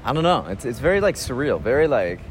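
A man talking in a casual spoken travel diary, relaxed and reflective, rambling with restarts and soft chuckles. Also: medium pitch, fast, a little hiss or hum. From United States. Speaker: podcast host.

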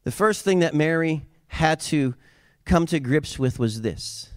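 A man preaching a sermon as a pastor, building to loud emphatic peaks and dropping into relaxed, joking asides to the congregation. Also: on the high side, slow, smooth, no echo, clean studio sound. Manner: conversational asides with humor.

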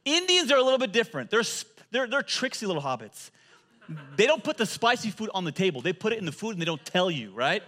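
A male pastor preaching a sermon, telling animated stories and often repeating words as he goes. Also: high-pitched, fast.

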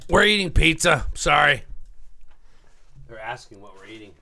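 A man's voice: fairly high pitch, sing-song, moderate pace, gravelly, sharp tone. A man co-hosting a home podcast, chatting casually and playfully. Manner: playful, rambling. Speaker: podcast co-host. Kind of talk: casual chat.

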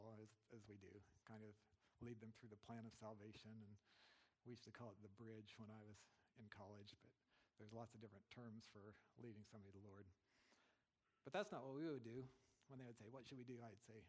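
A man's voice: medium pitch, brisk, a little mellow. A middle-aged man from the United States, a missionary preacher giving an earnest, conversational testimony sermon.

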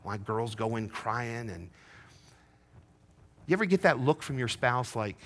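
A middle-aged man preaching a sermon, telling a personal story, moving from hushed confession to rising fervor. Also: mid-range voice, expressive, a little slow, long pauses. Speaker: pastor.

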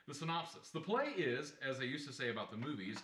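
A man's voice: mid-range voice, animated, fast talker, fairly bright tone, roomy sound. A man hosting a play reading and reading the stage directions, chatty, with jokey asides. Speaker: organizer and stage-direction reader.

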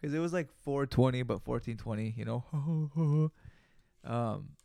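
A man's voice: mid-range voice, moderate pace, gravelly, dark tone, clean tone, no echo. A young man hosting a casual solo podcast, rambling and joking with lots of profanity and playful repeated asides. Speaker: podcast host.

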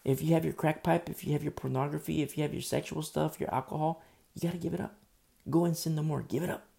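A man preaching an earnest, animated sermon, speaking through a sore throat. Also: on the high side, quick pace, creaky. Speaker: pastor.

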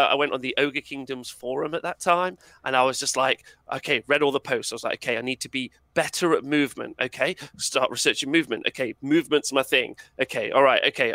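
Male podcast guest, animated and emphatic, bright forceful tone, dry sound. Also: medium pitch, fast talker, hardly any pauses, no room sound. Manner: animated and emphatic, laughs often. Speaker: podcast guest, wargaming content creator. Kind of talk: casual podcast conversation.

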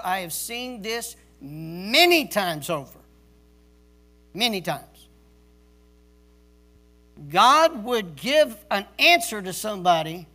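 His voice sits high, bright and forceful as this male pastor delivers a church sermon. He preaches sternly and emphatically, repeating key words drill-sergeant style.

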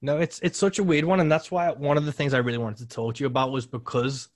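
A man's voice: mid-range voice, fast talker, no room sound, clean studio sound. A man hosting a podcast interview, chatting casually with lots of fillers. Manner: relaxed, lots of "like" and short agreements. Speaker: podcast host, musician.

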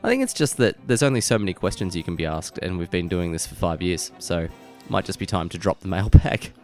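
A man's voice: low voice, animated, quick pace, darkish tone, faint music behind. A man co-hosting a podcast in casual chat, laid-back and understated, sounding congested and nasal. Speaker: podcast co-host.

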